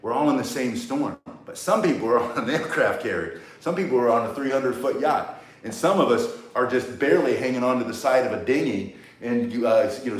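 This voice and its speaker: An older man teaching cane self-defense outdoors, blunt and rambling, with joking asides. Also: mid-range voice. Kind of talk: live outdoor workout lesson. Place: outdoors in the sun. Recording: roomy echo, mic set at a distance.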